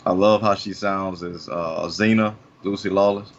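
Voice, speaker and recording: A man co-hosting a podcast, talking in a relaxed, halting way with a lot of filler words. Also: low voice. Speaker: podcast co-host. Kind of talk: casual chat. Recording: dull lo-fi sound.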